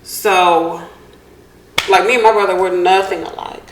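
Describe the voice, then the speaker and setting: Lively storytelling woman in echoey room. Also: on the low side, a little slow. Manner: lively storyteller, laughing while she talks. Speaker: podcast co-host. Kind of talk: casual chat. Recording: echoey room, faint hiss.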